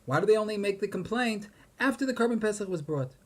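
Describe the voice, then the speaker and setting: A man's voice: high-pitched, expressive, fast talker. Emphatic man giving a Torah lecture. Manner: questioning, emphatic, chants Hebrew verses. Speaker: rabbi teaching Torah.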